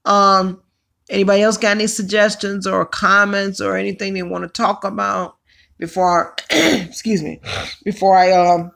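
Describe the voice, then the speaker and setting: Gravelly-voiced woman chatting on a livestream. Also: medium pitch, steady tone, normal speed, a bit bright. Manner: chatty, exclaims and calls out to viewers. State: hoarse from allergies. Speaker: livestream host. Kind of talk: casual livestream chat with viewers.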